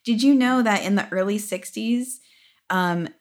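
A woman's voice: mid-range voice, unhurried. A woman co-hosting a podcast, telling stories in a chatty way with many fillers and giggles. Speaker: podcast co-host. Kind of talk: casual chat.

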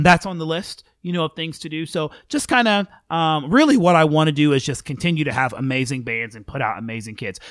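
A middle-aged man, a school band director, talking casually in an interview, animated and full of fillers. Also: mid-range voice, no echo, clean studio sound. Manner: chatty and animated, many fillers.

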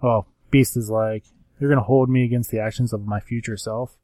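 A man casually recapping a comic book issue, rambling with lots of fillers and quick acted-out quotes of the characters. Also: mid-range voice, fairly even intonation, warm tone, dry recording. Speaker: comics podcast co-host. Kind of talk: casual chat.

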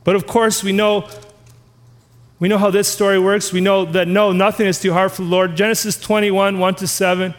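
A man with a strikingly high voice preaches a sermon. He reads scripture aloud and keeps putting questions to his listeners. His voice rings with a long reverb in a church hall. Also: flat delivery, normal speed. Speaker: pastor.

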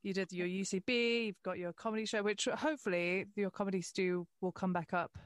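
A woman's voice: mid-range voice, fairly even intonation, a little fast, clean tone, no echo, clean studio sound. A woman host with a British accent asking questions in a casual, enthusiastic interview chat. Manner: enthusiastic, casual, swears lightly. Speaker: podcast host.

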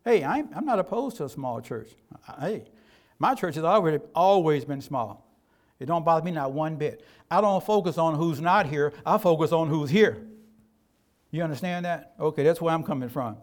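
High-voiced, emphatic older preacher man. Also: expressive, normal speed. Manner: folksy, emphatic preaching with colloquial speech. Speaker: pastor. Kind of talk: sermon.

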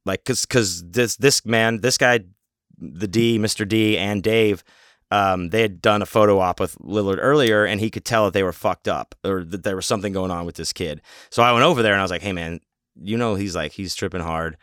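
A man's voice: on the low side, fairly quick, fairly bright tone, clean tone, dry recording, clean studio sound. A man hosting a podcast, telling a long story casually in a rambling, profane, self-mocking way. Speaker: podcast host.

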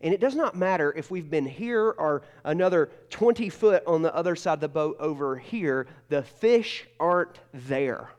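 A man's voice: a little high, lively intonation, normal speed, few pauses, darkish tone, lightly acted. A man playing a weary, stubborn veteran fisherman who pleads in exasperation. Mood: exasperated.

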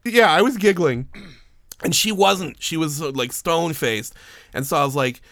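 A man's voice: fairly high pitch, normal speed, fairly bright tone, dry recording, studio quality. A man casually telling a story to a friend, swearing often and laughing as he goes.

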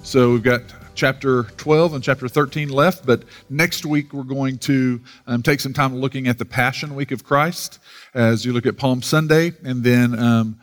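A man's voice: mid-range voice, moderate pace, long reverb tail, faint music behind. Man telling a story in a sermon. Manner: rambling with many fillers, animated when quoting others. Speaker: pastor.

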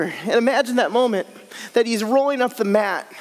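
A man giving a storytelling sermon at a camp, acting out the scenes and dropping soft and low when quoting scripture. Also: animated, normal speed. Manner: dramatic, acts out scenes, drops low and soft for scripture quotes. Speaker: camp speaker. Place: large hall at a camp. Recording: long hall reverb.

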